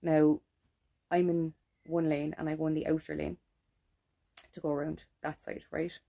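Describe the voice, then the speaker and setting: A woman's voice: low-pitched, little pitch movement, moderate pace, creaky, mellow. An Irish woman in a blunt, ranting monologue to camera, swearing freely and keeping adding "right?" as she tells her story. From Ireland. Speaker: vlogger.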